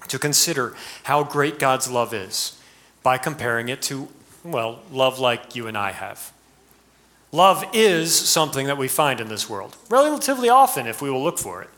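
A middle-aged man preaching a sermon in a lively way, breaking into sudden high, mocking asides. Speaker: pastor.

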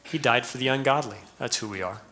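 A middle-aged man preaching a sermon in a lively way, breaking into sudden high, mocking asides. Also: fast talker. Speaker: pastor.

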